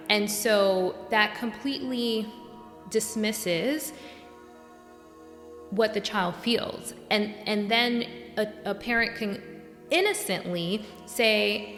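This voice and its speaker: A young adult woman from New York hosting a solo podcast, talking earnestly and getting worked up and animated. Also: mid-range voice, takes it slowly, soft background music. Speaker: podcast host and coach. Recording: echoey room with long reverb.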